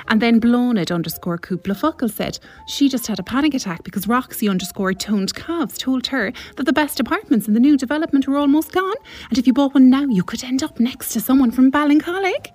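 A snobbish socialite, played by a woman, rattles off gossip. Her voice is fairly high. Faint music plays underneath. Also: lively intonation, a little fast, a little mellow. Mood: gossipy. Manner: gossipy, breathless name-dropping. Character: status-obsessed posh suburban Cork woman. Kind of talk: comic radio sketch.

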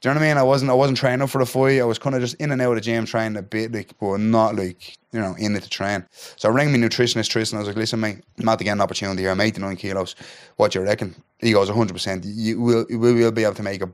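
A man's voice: lowish voice, rapid-fire. A young man with a Dublin accent, a podcast guest retelling a story in casual chat and acting out the dialogue. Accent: Irish, Dublin. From Ireland. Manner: animated retelling, acts out dialogue, keeps asking "do you know what I mean". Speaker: podcast guest, MMA fighter.

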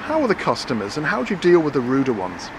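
A man's voice: on the high side, wildly swooping pitch, fast talker, background noise. An Irish man reporting for radio, asking passers-by questions in a chatty, playful way.

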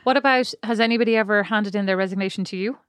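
A woman's voice: mid-range voice, racing, a bit bright, clean tone, no echo, studio quality. A woman co-hosting a podcast, chatting casually and rambling, laughing often. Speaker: podcast co-host. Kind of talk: casual chat.

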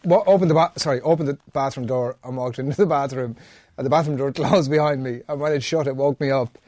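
A man in casual podcast chat, telling a blunt, sweary story. His voice sounds dry and close, at an ordinary middle pitch. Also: fast talker, a little mellow, no room sound. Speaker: podcast co-host.

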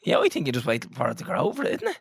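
A man's voice: medium pitch, rapid-fire, creaky, husky, dry recording, clean studio sound. A young man, co-hosting a casual chat and telling funny stories with frequent laughter. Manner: animated storyteller, laughs often. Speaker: podcast co-host.

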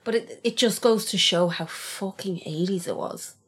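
A woman's voice: medium pitch, moderate pace, fairly bright tone, breathy edge. A young adult woman co-hosting a casual podcast chat, opinionated and swearing freely, with hesitant fillers. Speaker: podcast co-host.

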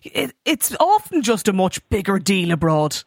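A woman's voice: mid-range voice, very animated, normal speed, gravelly, no room sound, clean studio sound. Irish woman hosting a radio chat. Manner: conversational, asks guests questions. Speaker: radio host.

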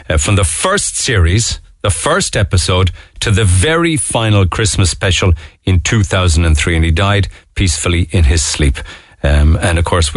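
A man hosts a morning radio show in a low, relaxed voice. He rambles from story to story with jokey asides. The studio sound is dry and close. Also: no echo. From Ireland. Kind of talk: casual radio chat. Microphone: studio microphone.

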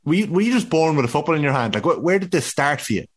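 Quick-talking male podcast host. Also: on the high side, very animated. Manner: quick, eager questions. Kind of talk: casual interview chat.

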